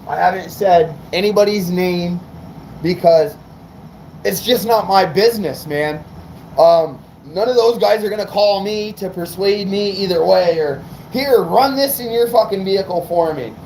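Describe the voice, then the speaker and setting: A man's voice: sits high, measured pace, darkish tone, a little hiss or hum, low-quality recording. Fired-up, rambling man on a livestream. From New England. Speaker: car audio livestreamer. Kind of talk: casual livestream chat.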